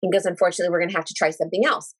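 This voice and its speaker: A woman in her thirties telling a personal story in casual conversation, animated and emotional, acting out quoted dialogue and speaking in religious, thankful terms. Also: lowish voice, rapid-fire. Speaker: guest sharing a personal story.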